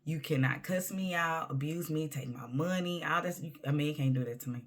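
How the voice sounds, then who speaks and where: A woman's voice: low voice, a little fast. A woman talking candidly to camera in a personal monologue, emphatic and conversational, sometimes dropping to a near-whisper. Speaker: vlogger.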